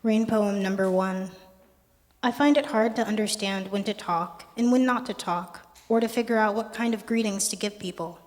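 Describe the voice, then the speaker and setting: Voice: mid-range voice, fairly even intonation, moderate pace. Young poet reading in a reverberant gallery. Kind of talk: poetry reading. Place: art gallery performance space. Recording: long reverb of a gallery hall.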